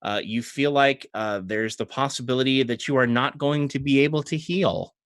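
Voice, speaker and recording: A man's voice: medium pitch, normal speed, no room sound. Man, game master for a tabletop game, loose rambling delivery, filler-heavy, dry close mic. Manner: relaxed, rambling narration with many fillers.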